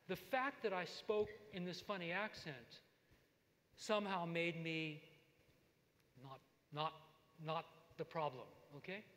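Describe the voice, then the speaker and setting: An older man giving a lifetime achievement talk, telling stories from his career in an animated way with asides to the audience. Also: high voice. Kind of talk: lecture with personal stories. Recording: long hall reverb.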